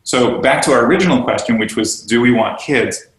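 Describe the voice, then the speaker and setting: Man, podcast guest, earnest, animated, acts out quotes, mid-pitched voice, roomy echo. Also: brisk. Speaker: guest, yoga studio owner and teacher trainer. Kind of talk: conversational podcast interview.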